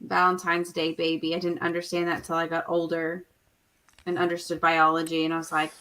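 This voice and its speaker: A woman's voice: on the low side, completely flat delivery, fairly quick, a bit bright, poor audio. A woman in casual podcast chat, making joking, self-mocking remarks.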